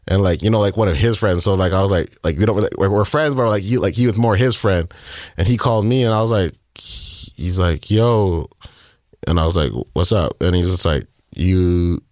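A man telling a personal story in an interview, halting and full of fillers and repeats. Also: deep voice, darkish tone, dry recording, clean studio sound. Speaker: guest.

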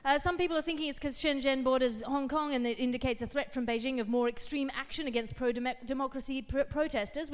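Woman, from Australia, comedy podcast guest, high voice, smooth, deadpan jokes. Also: long reverb tail. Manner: deadpan absurd jokes, laughing at her own lines. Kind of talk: comic podcast banter.

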